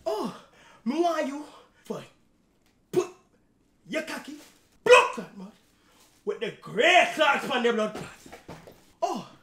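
A man's voice: very high-pitched, big pitch swings, slow, long pauses, a bit bright, echoey room, full character voice. A man voicing a pleading, flirtatious Jamaican woman with a put-on accent, repeating a name breathily.

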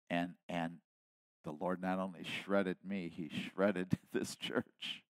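A man in his seventies delivers a sermon in a slow, deliberate rhythm. His voice sits low and moves between soft, close asides and loud, emphatic peaks. The sound is dry and close to the mic. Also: level tone, dry recording. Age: 70s. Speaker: pastor.

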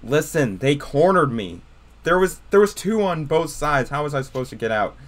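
A young man doing casual let's-play commentary, excitable and jumpy, talking to his viewers as he plays. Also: a little high, normal speed. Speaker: gaming YouTuber.

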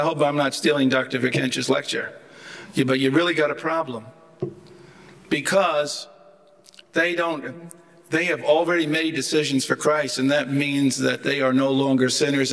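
A man's voice: medium pitch, little pitch movement, normal speed, gravelly, fairly bright tone. An older man giving a humorous, anecdotal theology lecture, chatty and rambling, with wry joking asides.

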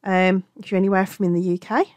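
A woman's voice: medium pitch, flat delivery, fast, a little mellow, dry recording. Chatty woman with a Black Country accent. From England. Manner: chatty, affectionate, self-correcting. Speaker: crochet tutor. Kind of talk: crochet tutorial.

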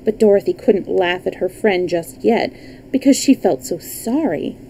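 A woman reading a children's book aloud on a livestream, lively, with small slips and restarts. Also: mid-range voice, moderate pace, slight background noise, low-quality recording. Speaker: storyteller.

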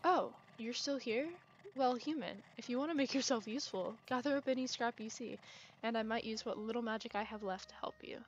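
A woman's voice: on the high side, brisk, slight background noise, lightly acted. Luna, a woman reading a prickly, worn-out magic-user. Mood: curt. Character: weary female magic-user, curt and prickly. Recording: muffled, with game music.

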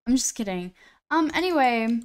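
A woman's voice: fairly high pitch, expressive, normal speed, smooth. A woman live-streaming a game, chatting casually to her viewers in a rambling, self-deprecating way into a computer mic.

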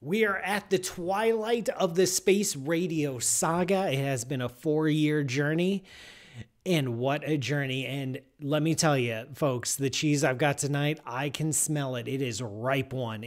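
A man hosting a live science radio show, talking with playful mock outrage. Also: fairly high pitch. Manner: animated, playful mock outrage, swinging from loud bursts to muttering.

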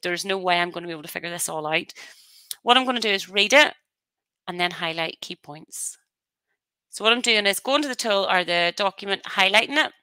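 Using a headset mic, a woman walks webinar viewers through a software demo as their trainer, chatting and explaining with practical side notes. She has a mid-range voice, and there is no room sound.

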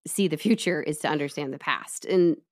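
A woman with a notably low voice retells a criminal trial step by step for her co-host. She is chatty and easygoing, with plenty of asides. The delivery is casual storytelling rather than a read script. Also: brisk. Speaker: podcast co-host telling the case. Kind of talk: casual true-crime storytelling.

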